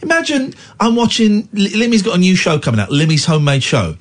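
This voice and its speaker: Male late-night radio host, husky and animated, indignant ranting. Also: sits high, fast talker.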